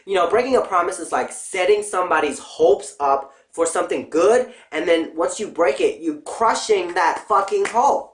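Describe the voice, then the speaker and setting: A young adult woman vlogging in a casual, profane, blunt rant with an animated delivery. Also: lowish voice, moderate pace, few pauses. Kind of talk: casual ranting vlog. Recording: roomy echo.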